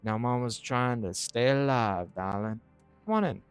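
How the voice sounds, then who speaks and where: A man voicing a loud, folksy old mama with a slow drawl. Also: clear, resonant tone, faint music behind, natural voice. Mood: aggrieved. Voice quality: drawling, booming.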